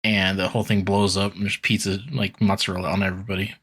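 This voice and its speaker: A man's voice: low-pitched, level tone, quick pace, a bit bright, slightly rough. A man co-hosting a podcast, loosely recapping a cartoon episode with lots of "like" asides and the odd curse. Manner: loose, profane, full of "like" asides. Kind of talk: casual recap chat.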